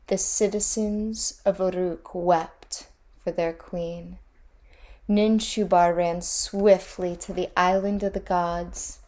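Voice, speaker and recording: A woman reads a storybook aloud at an unhurried, measured pace. Her voice sits low and calm. Each line is placed with care. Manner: measured, deliberate reading.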